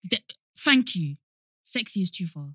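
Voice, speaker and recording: A young woman, co-hosting a casual podcast chat; she is playful, laughs easily and sometimes drops into a low, flat voice. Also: a little slow, no room sound, clean studio sound. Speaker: podcast co-host.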